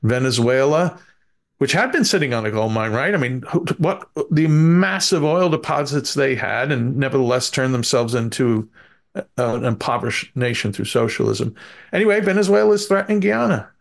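A man's voice: mid-range voice, lively intonation, normal speed, gravelly. A man with a Bronx accent, cohosting a podcast in casual chat, hesitant with many fillers. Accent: Bronx, New York.

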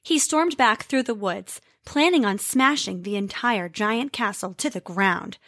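A woman narrating a children's story in an expressive scripted style. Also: mid-range voice, measured pace, dry recording, studio quality.

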